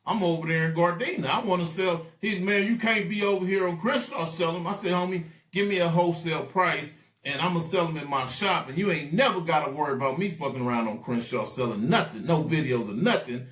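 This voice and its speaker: A man telling stories in a casual interview, animated and acting out the voices of people he quotes. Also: on the high side, fairly quick, hardly any pauses, echoey room. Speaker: guest.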